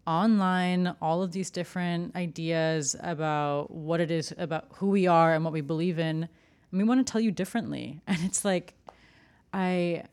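A woman's voice: fairly low pitch, steady tone, moderate pace, darkish tone. A woman journalist talking casually in a conversation, full of "like" and "you know". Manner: chatty, frequent "like" and "you know".

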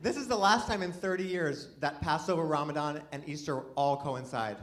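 A man's voice: on the high side, normal speed, a bit bright. Rambling, self-deprecating male stand-up comic. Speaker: stand-up comedian. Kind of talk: stand-up comedy set. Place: live comedy venue with audience laughter. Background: audience laughter.

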